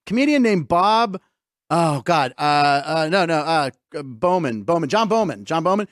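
Lively high-voiced man hosting a chat. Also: normal speed, dry recording, clean studio sound. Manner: animated storyteller, acts out quotes. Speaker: host. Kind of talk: casual chat.

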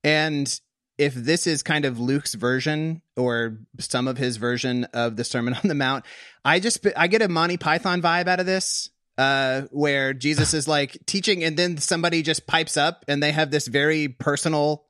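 A man's voice: on the high side, moderate pace, pushed and bright, dry recording, clean studio sound. A man co-hosting a podcast, talking casually through a Bible story with many fillers and restarts. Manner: chatty, full of fillers and restarts. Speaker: podcast co-host. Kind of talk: casual conversational Bible discussion.

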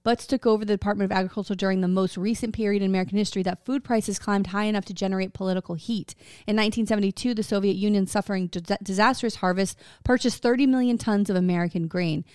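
A woman in the middle of an unscripted podcast chat, reading a story from her notes and stumbling over words as she goes. Her voice sits at a middle pitch and sounds dry and close to the mic, with no room sound behind it. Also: fairly even intonation, fast talker, few pauses, darkish tone, clean tone, no room sound. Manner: reads notes aloud with stumbles, swears, laughs. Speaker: podcast co-host telling the story.

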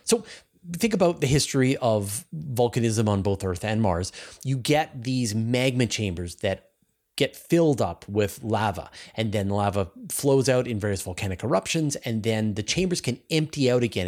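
A man's voice: on the low side, lively intonation, normal speed, darkish tone. A Canadian man with a Canadian accent hosting space news, explaining things eagerly and talking straight to his viewers. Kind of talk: casual news commentary.

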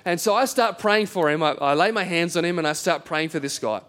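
Telling a story with self-deprecating humor, a pastor delivers a conversational sermon in church and acts out the voices of those he quotes. He talks a little fast, and his voice is fairly high and fairly bright.

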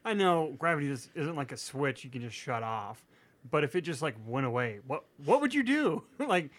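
Young man, podcast host, jokey, laughing, fairly high voice. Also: sing-song, normal speed. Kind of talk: casual chat.

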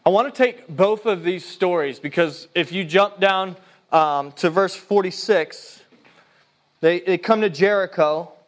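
A man delivers a sermon in a conversational, animated way, and his voice sits high for a man. He reads scripture aloud and acts out the quoted lines. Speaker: preacher.

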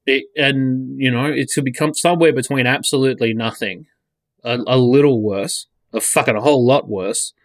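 A man talks in a casual podcast chat at a middle pitch, blunt and profane. He often restarts his sentences as he thinks aloud. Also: steady tone, normal speed, dry recording, studio quality. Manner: blunt, sweary, restarts a lot.

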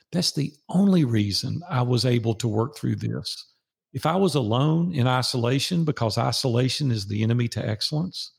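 Older guy with a gravelly voice, earnest preachy storyteller, guest on an interview show. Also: mid-range voice, darkish tone.

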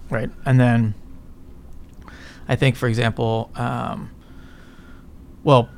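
A man's voice: medium pitch, flat delivery, slow, vocal fry, slight background noise. A middle-aged man, a business guest in an interview, talking casually in a rambling way, swearing often and tagging his points with "right?". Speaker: guest entrepreneur.

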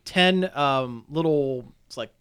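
A man with a slightly higher voice tells a rambling story in casual podcast chat. He talks loosely, full of ums and restarts, like a regular host catching up with friends. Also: takes it slowly, a bit bright, clean tone. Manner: rambling, chatty storyteller with many fillers.

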